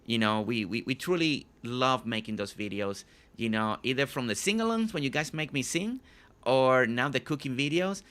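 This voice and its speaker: Bright-voiced chatty male game streamer. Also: mid-range voice, expressive, moderate pace. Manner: chatty, repeats and restarts phrases, thanks viewers. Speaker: live-stream host. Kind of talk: casual game live-stream chat.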